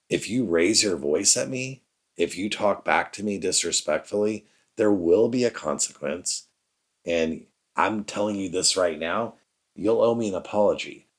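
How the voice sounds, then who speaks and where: Very deep-voiced earnest man. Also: breathy edge. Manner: earnest, conversational, speaks straight to the listener. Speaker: podcast host. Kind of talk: reflective parenting talk.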